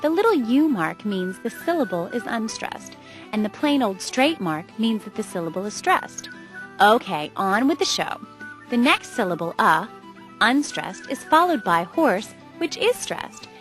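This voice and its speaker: A woman's voice: fairly high pitch, big pitch swings, measured pace, a bit bright, faint music behind. A woman giving an upbeat, scripted educational narration. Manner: upbeat, explanatory.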